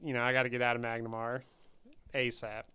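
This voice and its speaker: Clear-voiced man playing a tabletop game. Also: mid-range voice, a little fast. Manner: relaxed and brief, speaks in character in his own voice. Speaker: player. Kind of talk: casual chat at a tabletop game.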